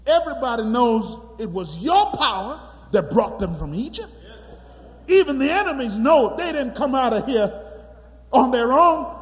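A man's voice: high voice, big pitch swings, measured pace, darkish tone. A man voicing Moses as an earnest man pleading urgently with God. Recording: long hall reverb.

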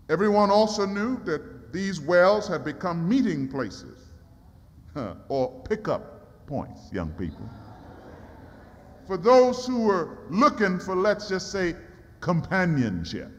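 A man's voice: high-pitched, sing-song, slow pace. A man preaching a sermon, telling a Bible story dramatically and acting out the dialogue, in a church. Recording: long hall reverb.

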